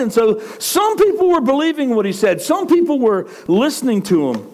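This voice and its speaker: A male preacher with a high, lively voice that swings widely in pitch. He talks to his congregation in a loose, conversational way, dropping in frequent asides to check they are following. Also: moderate pace. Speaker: pastor. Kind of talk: sermon.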